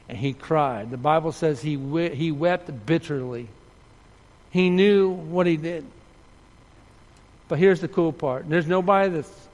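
A man preaching with earnest feeling, his voice a little higher than most. He swings from loud storytelling to soft, low appeals. The sound carries a long reverb from a large hall. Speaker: pastor. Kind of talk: sermon.

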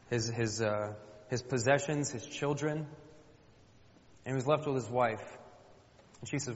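A man's voice: mid-range voice, unhurried, long pauses. Emphatic man preaching a sermon. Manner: colloquial, emphatic, repeats phrases for effect. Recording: dull lo-fi with long hall reverb.

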